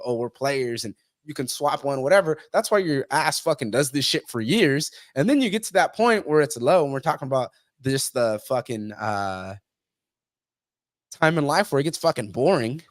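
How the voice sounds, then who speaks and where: A man's voice: mid-range voice, no echo, studio quality. Blunt, profane man in podcast talk. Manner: blunt, heavy swearing, acts out quoted people. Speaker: podcast guest. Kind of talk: casual podcast conversation.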